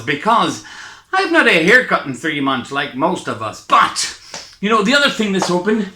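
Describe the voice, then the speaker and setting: Breathless, jittery Scottish comedian. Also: male voice, high-pitched, huge pitch swings, normal speed, bright, forceful tone, slight background noise. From Scotland. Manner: hyper, rambling, self-mocking. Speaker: stand-up comedian. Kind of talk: online stand-up set. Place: his home. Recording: echoey room, far from mic.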